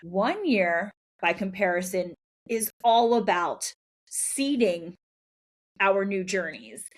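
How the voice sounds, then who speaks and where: An unhurried woman hosts her solo podcast and tells a personal story. Her voice sits at an ordinary middle pitch. She sounds candid and reflective, with soft laughs between phrases. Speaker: podcast host.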